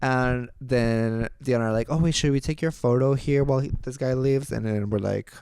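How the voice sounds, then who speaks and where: A young man co-hosting a podcast, telling a story in casual chat, expressive and quick to jump in. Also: clear, resonant tone, no echo. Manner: expressive, jumps in with quotes, high squeals when acting them out. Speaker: podcast co-host.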